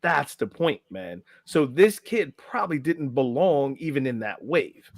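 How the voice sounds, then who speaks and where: A man's voice: medium pitch, sing-song, a little slow. A middle-aged man, a podcast guest and life coach, telling a story casually and acting out the quotes, often tagging lines with "right?".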